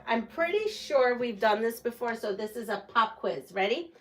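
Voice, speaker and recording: A woman's voice: a little high, expressive, normal speed. A woman hosting a casual live quilting stream from her quilting room, chatting with viewers and laughing often. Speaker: quilting channel host. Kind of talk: casual live-stream chat while sewing.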